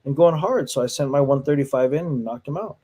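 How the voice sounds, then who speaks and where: Man with an animated storytelling voice. He acts out quotes, swears freely and laughs between lines. A martial arts instructor in relaxed conversation. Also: mid-range voice, fast talker, slightly rough. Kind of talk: casual chat, storytelling.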